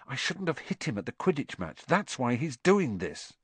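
A man puts on a worried teenage boy from a storybook. He whispers fast and anxiously, his voice rising and falling a lot. The sound is dry and close. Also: medium pitch, sing-song, breathy edge, no echo, pitched above the performer's own voice. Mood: fretful whisper. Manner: fretful, hurried whispering. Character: anxious injured schoolboy, teen.

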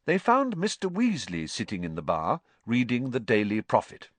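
A man giving expressive scripted narration of a storybook audiobook. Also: mid-range voice, normal speed, few pauses, no echo.

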